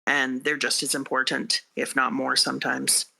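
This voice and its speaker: A middle-aged woman, a teacher, chatting on a podcast and retelling a story with heartfelt, animated feeling. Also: rumbling low, normal speed, creaky, husky. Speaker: guest, teacher reading manga for the first time. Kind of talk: casual podcast chat.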